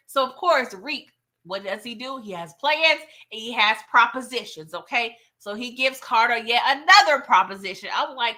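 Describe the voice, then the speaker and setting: A woman's voice: fairly high pitch, animated, moderate pace, bright, forceful tone. A woman hosting a casual live show recap, chatty and laughing often, retelling scenes in quoted voices. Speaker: TV recap host.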